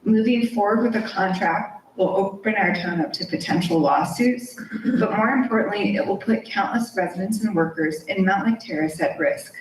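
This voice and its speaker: A woman's voice: medium pitch, moderate pace, a little hiss or hum. A woman giving an earnest, pleading public comment at a city council meeting. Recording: echoey council chamber mic from far off.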